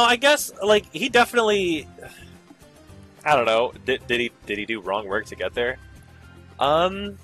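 A man casually commenting over a video game, ranting and sarcastic, swearing freely and jumping into squeaky high bits. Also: fairly bright tone. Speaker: gaming video host.

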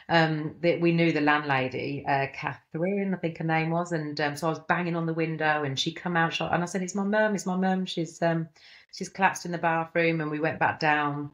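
A woman's voice: sits low, dull audio. A middle-aged woman telling a personal story in a rambling, emotional way, with many fillers and restarts. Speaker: guest.

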